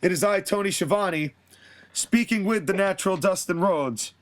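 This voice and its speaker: Brief: man playing a polite male ringside interviewer, formal announcer tone, high voice. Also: normal speed, natural voice.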